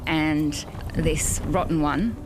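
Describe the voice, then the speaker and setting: A woman calmly recalling her past in a reflective documentary interview. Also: sits low, takes it slowly, over music.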